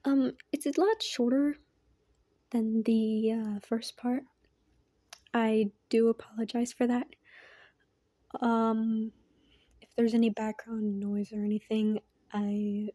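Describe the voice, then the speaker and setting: A woman reads a fan story aloud, quiet and soft-spoken, often slipping into a half-whisper. Her voice sits fairly high with a very dark, mellow tone. The recording is close and dry. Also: dry recording. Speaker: fan fiction reader.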